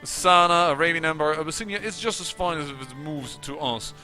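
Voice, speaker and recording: A man's voice: a little high, a little fast, pushed and bright, faint music behind. A man giving casual, musing commentary on a strategy game, with occasional exasperated outbursts. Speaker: let's play commentator.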